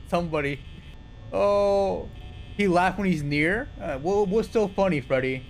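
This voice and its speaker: A young man streaming live gameplay, talking fast and excitably, yelping and swearing at scares and cheering at wins. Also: high-pitched, a little hiss or hum. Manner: excitable, jumpy, swears, yelps when scared.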